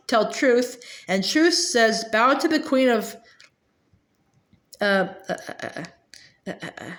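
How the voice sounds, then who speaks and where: A woman's voice: a little high, fairly bright tone, echoey room. A woman reading as a withered old crone denouncing a queen. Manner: ranting, accusing. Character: fierce ancient withered old woman, scornful accuser.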